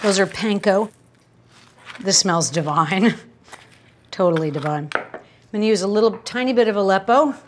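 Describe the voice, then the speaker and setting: A woman's voice: medium pitch, moderate pace, pauses often, slight background noise. Chatty woman host, home kitchen demo, wry asides, mid-range voice. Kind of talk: casual cooking demonstration.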